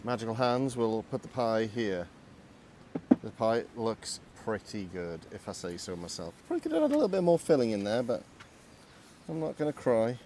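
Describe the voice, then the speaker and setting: Cooking vlog host, male, low-ish voice, self-deprecating patter, outdoors with faint ambience. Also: sing-song, moderate pace, background noise. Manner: chatty, self-deprecating, talks through each step. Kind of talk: casual cooking vlog narration. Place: outdoors in woodland.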